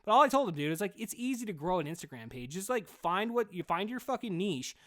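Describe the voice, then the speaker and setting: Guy rambling on his solo podcast, swears nonstop, says dude every other line, kinda high voice. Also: very animated, fast, a bit bright. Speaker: podcast host. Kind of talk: casual solo podcast monologue.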